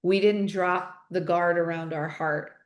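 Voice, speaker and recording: A woman with a slightly low-pitched voice talks as a podcast guest. She is earnest, candid and animated, and often restarts a thought by repeating a few words. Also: a little slow, reverberant. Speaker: podcast guest, author and coach. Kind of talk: interview conversation.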